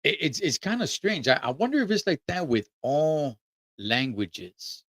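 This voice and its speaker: A man's voice: fairly high pitch, very animated, unhurried, a bit bright, no echo. Laid-back trucker man. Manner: laid-back and slangy, with lots of fillers. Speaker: trucker vlogger. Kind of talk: casual monologue.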